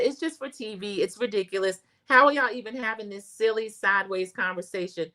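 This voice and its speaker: Woman host, casual recap chat, mid pitch, talks to viewers directly. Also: brisk, few pauses, fairly bright tone. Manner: chatty, addresses viewers as y'all, reads chat comments aloud. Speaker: show host recapping reality TV. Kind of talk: casual recap commentary livestream.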